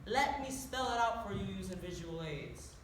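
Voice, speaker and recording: A woman's voice: medium pitch, expressive, normal speed, close to an everyday voice. A woman voicing a short, hot-tempered adult male leprechaun with an Irish accent and a sarcastic manner. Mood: exasperated. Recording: echoey room, distant mic, noisy.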